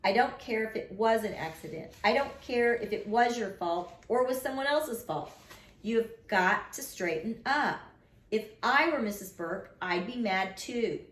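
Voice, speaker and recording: A tired, stern middle-aged father giving a serious talk, as a woman reading a storybook puts him on. He lectures slowly and firmly. The room adds a roomy echo. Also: fairly high pitch, lively intonation, a bit bright.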